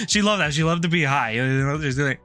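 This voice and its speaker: A man's voice: a little high, lively intonation, normal speed, pushed and bright, faint music behind. A man streaming live, telling a long rambling story in casual chat, laughing often and restarting his sentences.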